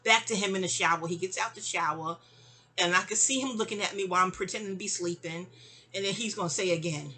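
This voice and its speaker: Bright-voiced, rambling New woman. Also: fairly low pitch, fast talker. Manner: animated, rambling, digressive, sassy. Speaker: storyteller. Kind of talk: casual storytime monologue.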